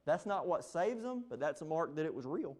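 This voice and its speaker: A man's voice: fairly high pitch, big pitch swings, fairly quick, darkish tone. A man, preaching a sermon in an impassioned, emphatic way. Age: 20s. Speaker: pastor.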